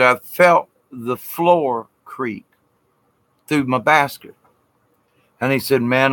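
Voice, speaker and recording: A man with a Southern US drawl tells a ghost story in a loose, rambling way. He keeps saying "he said" and drags out words for suspense. His voice is bright and forward, and it is recorded close and dry with no room echo. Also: mid-range voice. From Southern United States. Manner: rambling, repeats "he said", drawn-out dramatic pauses. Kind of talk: casual spoken ghost story.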